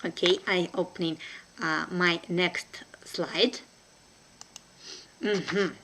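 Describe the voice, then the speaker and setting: Woman, Russian accent, native Russian speaker, online language lesson, very slow pace, careful and hesitant delivery. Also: on the low side, steady tone, background noise. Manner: careful, deliberate, frequent hesitations. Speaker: Russian teacher.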